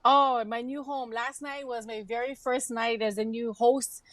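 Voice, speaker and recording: A woman's voice: on the high side, steady tone, unhurried, no room sound. Woman, Hawaiian accent, effusive storyteller, livestream guest, dry close sound. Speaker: guest, radio host and emcee. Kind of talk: livestream interview.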